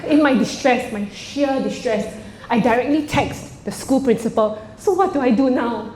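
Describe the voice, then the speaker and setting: A high-voiced woman works a live crowd from the stage, telling her stand-up material with theatrical swings into sudden, loud outbursts. Her voice rings around a roomy space, with faint ambience beneath it. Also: moderate pace, a little hiss or hum. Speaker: stand-up comedian. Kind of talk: stand-up comedy. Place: stage before a live audience.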